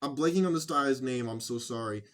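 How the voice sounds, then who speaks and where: In a mid-range voice at a fairly quick clip, a man hosts casual political commentary that's sarcastic and rambling, full of restarts. He mocks others by putting on voices.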